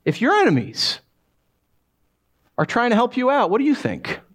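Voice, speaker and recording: Animated, high-voiced male pastor. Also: moderate pace. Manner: animated, conversational, acts out voices. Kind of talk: sermon.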